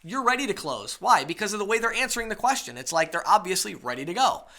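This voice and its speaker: A man's voice: high-pitched, big pitch swings, fast, sharp tone. A man teaching a webinar sales lesson, coaching his listeners and checking in with rhetorical questions. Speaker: sales trainer.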